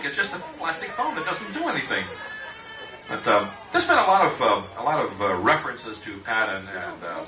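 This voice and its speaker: A middle-aged man giving a joking roast speech at a party, halting with many uhs and laughing at his own jokes. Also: mid-range voice, sing-song, crowd noise. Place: party room with guests. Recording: echoey room, distant mic, background noise.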